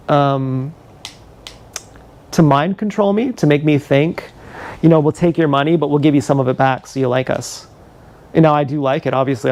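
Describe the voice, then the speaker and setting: A man's voice: fairly high pitch, vocal fry, a little mellow. Angry, profane man ranting. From Canada. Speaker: livestreamer. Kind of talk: live-streamed rant. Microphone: action camera.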